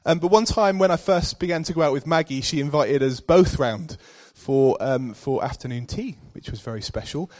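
A male preacher with a somewhat high voice, delivering a sermon to his church. He opens with warm personal storytelling, then rises into emphatic, forceful readings of scripture. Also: moderate pace, few pauses.

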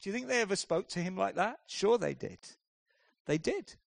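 A man delivers a sermon in a fairly high voice, recorded dry and close. He swings from hushed, drawn-out lines to loud, driving bursts. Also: lively intonation, vocal fry, no echo. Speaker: preacher.

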